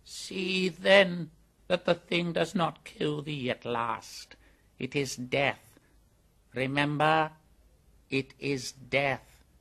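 A man voicing an ancient, evil male white cobra in an audiobook, slow and lisping with a menacing, gloating manner. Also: a little high, fairly even intonation, creaky, a bit bright, voice pushed up, exaggerated voice. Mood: ominous. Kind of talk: audiobook character voice.

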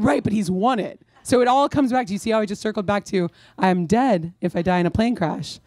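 A woman's voice: fairly low pitch, darkish tone, no room sound. A woman author talking with an audience at a bookstore event, telling rambling, self-mocking stories full of restarts. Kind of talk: conversational Q&A and anecdote.

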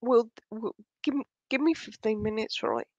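A woman's voice: on the high side, normal speed, darkish tone, no echo, muffled recording. A woman vlogger ranting casually, agitated and shaken, swearing heavily and stumbling over restarts. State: angry and shaken. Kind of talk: casual unscripted vlog rant.

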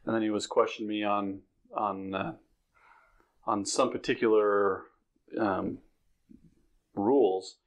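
Low-voiced, candid driver telling a story. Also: male voice, steady tone, slow pace, long pauses, dull audio. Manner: candid, storytelling, self-aware. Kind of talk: casual interview chat.

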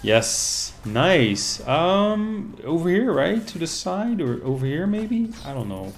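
Male streamer, unhurried and gravelly, loose live commentary with chat banter. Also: a little high, sing-song, soft background music. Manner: chatty, reacting to the game and reading chat. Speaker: casino streamer.

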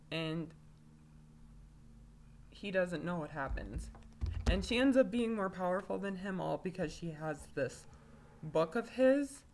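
A woman giving a casual video review of a story, rambling, with lots of fillers and self-corrections. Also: fairly low pitch. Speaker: fanfiction reviewer.

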